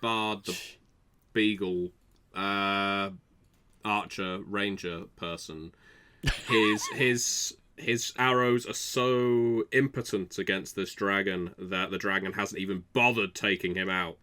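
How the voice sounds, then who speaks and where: A man's voice: lowish voice, fairly even intonation, slow pace, background noise. A man co-hosting a podcast, giving dry, mock-formal commentary over a movie in casual chat. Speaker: podcast co-host. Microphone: podcast mic.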